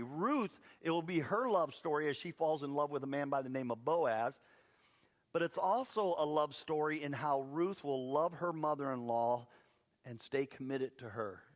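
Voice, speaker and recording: A male pastor preaches to his congregation and tells the story with lively, playful asides. His voice sits a little high for a man. The sound carries a long reverb from a church hall. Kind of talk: sermon. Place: church sanctuary.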